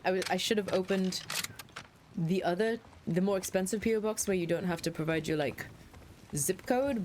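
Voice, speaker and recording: A woman's voice: lowish voice, slight background noise. A young woman streamer chatting casually and playfully while playing a game, swearing freely. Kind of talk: casual live-stream chat while gaming.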